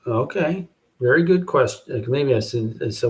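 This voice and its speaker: A man hosting a show, thinking aloud in a halting, musing way as he works out verses, repeating phrases to himself. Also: expressive, a little mellow. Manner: slow, low-key, self-questioning. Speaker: podcast host writing rhymes. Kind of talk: casual thinking aloud while writing verses.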